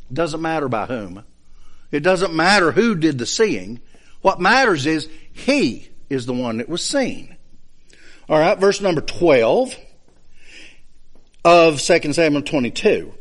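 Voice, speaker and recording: A man's voice: a little high, very animated. A man teaching a Bible study lesson, explaining points step by step and checking in with his listeners. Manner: explains slowly, checks understanding with asides.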